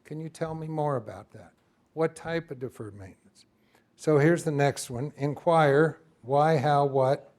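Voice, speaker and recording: A man teaching a class, lecturing in a lively way and asking his students for input. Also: on the high side, unhurried. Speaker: instructor.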